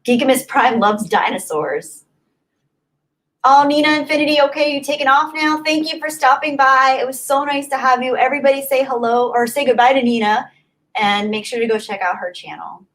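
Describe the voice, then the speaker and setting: A woman's voice: high-pitched, normal speed, a bit bright, rough recording. A young woman hosting a livestream, chatting casually and rambling as she answers viewer comments, often repeating herself. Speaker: livestream host.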